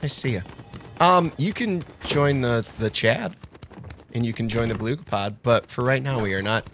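A man hosting a casual gaming livestream, reacting with quick excited exclamations. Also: medium pitch, background noise. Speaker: streamer host.

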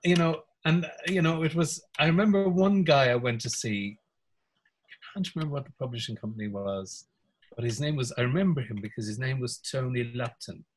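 Older Irish man, storyteller guest, chuckling and mimicking voices; mid-pitched. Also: a little fast, breathy edge, poor audio. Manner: anecdotal, chuckles often, mimics voices in stories. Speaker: music producer guest. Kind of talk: casual reminiscing interview.

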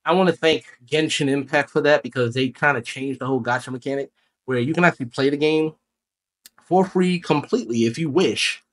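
A man's voice: fairly high pitch, a little fast. A young man casually reviewing a video game as a channel host, chatty and rambling, correcting himself as he goes. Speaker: gaming YouTuber.

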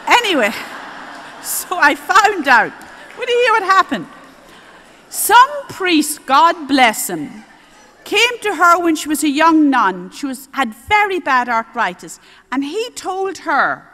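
An older Irish nun preaching at a healing service, telling homely stories in an animated way and acting out the voices of the people in them. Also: female voice, sits high, slow pace. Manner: animated, homely storytelling with lively quoted voices. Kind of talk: storytelling sermon. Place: large exhibition hall. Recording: long hall reverb.

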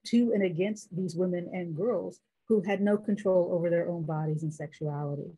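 Husky-voiced woman scholar, teacherly. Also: on the low side, dark tone, low-quality recording. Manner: emphatic, lists names in measured cadence. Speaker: guest, biblical scholar. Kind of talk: conversational interview, teacherly.

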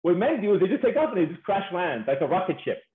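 Playful male speaker, high voice, comic delivery; tinny, phone-like, echoey recording. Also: fast talker. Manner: animated, playful, acts out voices and laughs often. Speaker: speaker on marriage. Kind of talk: humorous conference talk.

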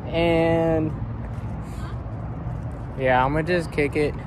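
Drawing out his words in a slightly high, fairly even voice, a young man makes a casual nighttime vlog outdoors near cars. He sounds nervous and emotional, chatting in slang against noisy street ambience.

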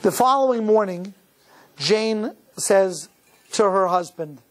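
A rabbi from Cleveland, Ohio, giving a sermon as he tells a story in a measured way, with many restarts. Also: high voice, animated.

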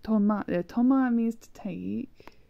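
This woman's voice is a little high, slow, gravelly, and mellow, captured in a dry, muffled recording. As a gameplay creator, she chats casually over a language-learning game, rambling, making fun of herself, and often hesitating or trailing off.

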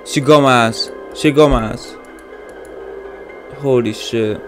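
A man playing a horror game on his channel, talking in casual slang, swearing a lot and getting loud and panicky at the scares. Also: medium pitch, takes it slowly, music in the background. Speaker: gaming YouTuber. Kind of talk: horror game let's play.

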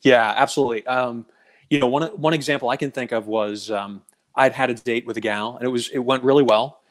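A man speaking as a guest in a casual conversation, weighing his words with frequent restarts and fillers. His voice sits at an ordinary male pitch. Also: steady tone, fairly quick. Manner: thoughtful, hesitant with restarts. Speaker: guest on a dating advice show. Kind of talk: casual chat, personal anecdotes.

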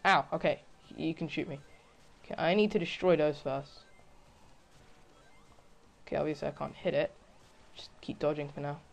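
Casual let's-play gamer voice, mid-pitched, talking to themselves and yelping at every mistake. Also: fairly even intonation, moderate pace, vocal fry, long pauses, faint music behind. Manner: talks to self, frequent exclamations and groans. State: frustrated. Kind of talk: casual gameplay commentary.

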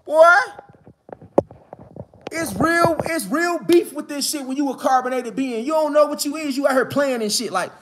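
A man delivering a slang-heavy, preaching-style monologue outdoors, building to shouted emphasis. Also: very high voice, animated, fairly quick, few pauses, noisy background. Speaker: online spiritual speaker. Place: outdoors in the mountains.

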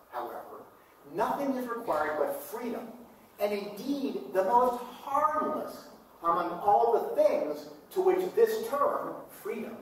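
Middle-aged male lecturer, fairly high voice, chatty classroom delivery, recorded from across an echoey hall. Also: slight background noise. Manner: conversational, acts out quoted voices. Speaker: university lecturer. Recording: echoey hall, mic far off.

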